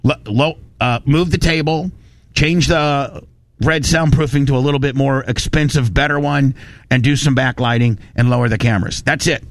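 A man hosting a radio show, telling a story in a fired-up, animated rant and quoting people as he goes. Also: medium pitch, normal speed, dry recording. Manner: animated, fired-up, quotes people in his retelling. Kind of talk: casual on-air storytelling rant.

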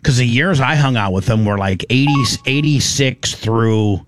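A man's voice: medium pitch, moderate pace, background noise. A middle-aged man hosting a radio show, chatting casually about sports and often restarting his sentences. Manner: rambling, frequent restarts.

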